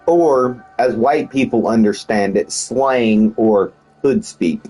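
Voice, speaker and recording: A man's voice: mid-range voice, slow, mellow, husky, soft background music, rough recording. A man streaming a video game and chatting casually, joking and swearing a lot and laughing often. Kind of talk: casual gameplay commentary.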